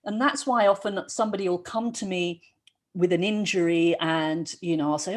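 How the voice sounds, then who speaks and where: A woman who treats performing artists, giving a lively educational talk and often checking in with the audience. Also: on the low side, normal speed. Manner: lively, often asks "right?". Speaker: health practitioner for performing artists.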